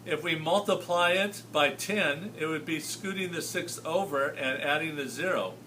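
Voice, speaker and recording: A man's voice: fairly high pitch, moderate pace, sharp tone, distant mic, a little hiss or hum. A man teaching a math lesson, explaining patiently and often checking whether his students follow. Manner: patient, checks understanding with tag questions.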